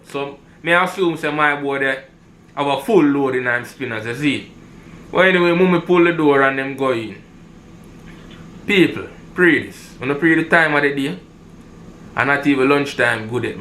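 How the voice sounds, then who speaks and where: A man's voice: a little high, a bit bright, a little hiss or hum. A man with a Jamaican accent, giving heated commentary in patois and repeating himself for emphasis. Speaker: commentator reacting to robbery footage.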